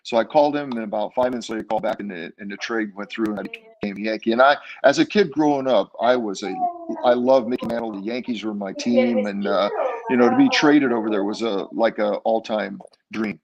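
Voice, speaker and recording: A man's voice: lowish voice, brisk, dull audio, crowd noise. An older man, a former ballplayer, recounting his career in a casual interview with many fillers and restarts. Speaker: guest, former baseball player.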